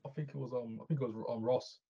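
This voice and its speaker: A man co-hosting a podcast over a remote line, excitable and quick to laugh. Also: medium pitch, gravelly, husky, muffled recording. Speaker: podcast co-host. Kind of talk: casual chat.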